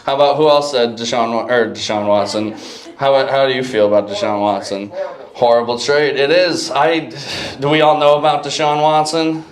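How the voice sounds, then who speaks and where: A man's voice: medium pitch, fairly even intonation, normal speed. A man in his twenties from Cleveland doing a loose, chatty stand-up set and talking with the audience. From Cleveland, Ohio. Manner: loose, conversational, chats with the audience. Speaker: stand-up comedian. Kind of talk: stand-up set with crowd work. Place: comedy club. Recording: echoey club room, loud crowd noise.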